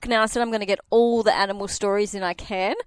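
A woman's voice: mid-range voice, steady tone, over music. A woman radio host telling a light news story in a chatty, casual way. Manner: chatty, quick storytelling with laughs.

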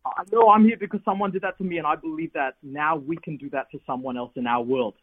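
Direct a high husky man on a tinny phone line. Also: fast talker. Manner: lively, repetitive emphasis, builds to exhortation. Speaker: pastor, radio guest. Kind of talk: personal storytelling by phone. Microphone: phone call.

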